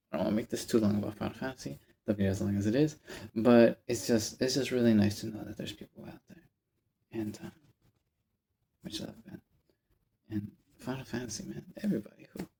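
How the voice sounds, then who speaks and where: A man's voice: on the low side, gravelly. A man telling a rambling story to camera in a casual vlog, often stopping to correct himself. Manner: rambling, animated, self-interrupting. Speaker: vlogger.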